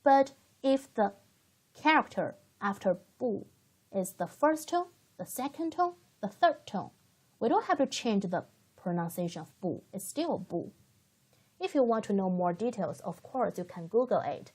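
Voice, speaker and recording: A woman's voice: medium pitch, darkish tone, slightly rough. A woman teaching a beginner language lesson in English, patiently explaining step by step and modelling words for learners to repeat. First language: Chinese. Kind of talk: slow, careful language lesson.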